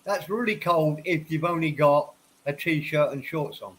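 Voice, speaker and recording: A man's voice: fairly high pitch, measured pace, fairly bright tone, slight background noise, rough recording. Stuffed-up rambling man on a stream. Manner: rambling, repeats words and restarts often; tipsy after a few whiskeys. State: stuffed up from a head cold. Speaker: livestream host. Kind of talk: casual livestream chat. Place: home office.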